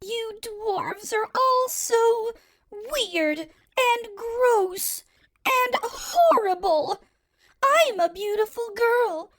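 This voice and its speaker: A whiny, spoiled young princess squeals at a very high pitch with a gravelly, crackling edge. She drags out her complaints slowly and indignantly. The sound is dry and close, with no room around it. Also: very animated, bright, forceful tone, dry recording, heavily acted. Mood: tearful. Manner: shrill and indignant. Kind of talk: audiobook character acting.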